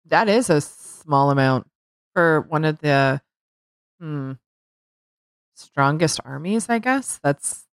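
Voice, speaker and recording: Low-voiced woman podcast co-host. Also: lively intonation, takes it slowly, pauses often, clean tone, dry recording, studio quality. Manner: reactive, laughs often. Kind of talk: casual podcast chat.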